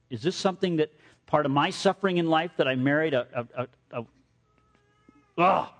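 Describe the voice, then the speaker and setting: A middle-aged male pastor preaches in a sermon that leans on personal stories. He acts out what others said and slips in dry humor. His pitch sits mid-range for a man.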